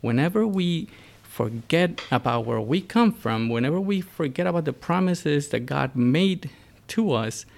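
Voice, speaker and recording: A man's voice: fairly high pitch, expressive, measured pace, creaky. A man from the United States in a casual religious discussion, talking earnestly with many fillers and restarts. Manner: earnest, builds emphatically.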